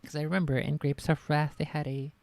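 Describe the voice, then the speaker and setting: Woman streamer, casual and self-critical, gravelly voice in a dry, close space. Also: sits low, flat delivery, brisk, darkish tone, no echo. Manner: chatty, self-critical, swears and laughs often. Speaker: streamer reading a novel aloud. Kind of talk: casual live-stream chat and reading.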